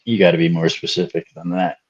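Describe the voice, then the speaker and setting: A man's voice: sits low, flat delivery, fast, a little mellow, breathy edge. A man co-hosting a podcast, trading dry, laughing banter in casual chat. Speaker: podcast co-host. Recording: dull lo-fi online call audio.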